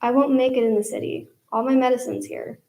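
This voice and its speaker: A woman's voice: high voice, steady tone, brisk, vocal fry, mellow. A woman voicing a small, shaky frightened boy. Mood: scared. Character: frightened, frail young boy.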